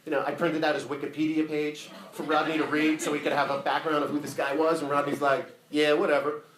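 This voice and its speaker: A man giving a casual, profane, animated eulogy full of stories at a memorial. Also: fairly high pitch, fast talker, crowd noise. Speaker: eulogy speaker. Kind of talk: funeral eulogy storytelling. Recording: echoey room.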